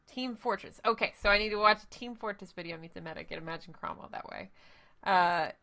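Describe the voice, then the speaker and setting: A woman streamer with a mid-range, bright voice and a forceful tone chats casually with her viewers during live gameplay. She's chatty and rambling, thinking aloud and talking to chat as she plays.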